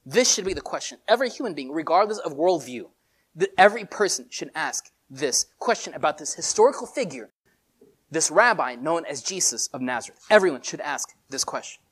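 Preacher, sermon, casual storytelling, animated, many fillers. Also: medium pitch, fairly quick, breathy edge.

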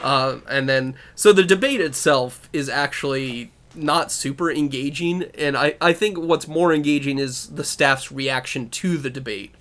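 A man's voice: mid-range voice, measured pace, hardly any pauses, a bit bright. A man co-hosting a podcast, chatting casually about a TV episode, swearing, laughing often and acting out characters' lines. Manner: profane, laughing, acts out quotes. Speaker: podcast co-host. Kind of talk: casual recap chat.

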